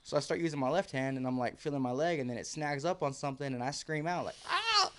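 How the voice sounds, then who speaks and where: A man of average pitch recounts a dramatic fall in relaxed podcast chat. He slips into the voices of his own past self and drops low and quiet when the story gets tense. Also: fast talker, clean tone. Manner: vivid, acts out his own quotes, drops to near whisper. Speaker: podcast guest. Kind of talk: casual storytelling.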